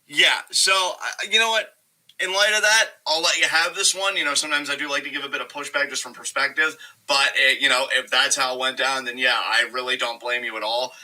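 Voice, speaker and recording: A man co-hosting a wrestling review show, rambling in an animated way and swearing often. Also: medium pitch, brisk, poor audio. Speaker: podcast co-host. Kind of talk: casual wrestling review chat.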